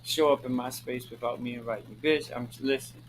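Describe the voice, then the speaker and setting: Over slight background noise and low-quality audio, a man from Maryland, USA, speaks a little fast at medium pitch with fairly even intonation. Hosting his own show, he addresses viewers casually and flamboyantly, tossing out honey and girl and swearing without restraint. His talking-head monologue is preachy and emphatic, full of repeated lines.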